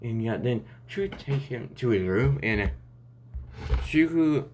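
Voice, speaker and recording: A man's voice: mid-range voice, expressive, measured pace, darkish tone, a little hiss or hum. A man improvising a fan story aloud, rambling and restarting often between lines.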